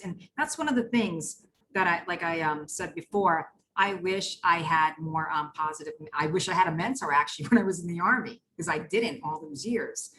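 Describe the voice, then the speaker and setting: A woman's voice: lowish voice, moderate pace, bright, forceful tone, slight background noise, low-quality recording. A woman panelist and Army veteran giving reflective advice, with many fillers. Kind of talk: panel discussion.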